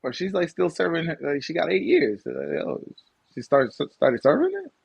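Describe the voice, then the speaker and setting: High, gravelly man with a lively voice. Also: moderate pace, muffled recording. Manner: laughs often, acts out mocking voices. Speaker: podcast co-host. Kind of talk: casual chat. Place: live podcast studio.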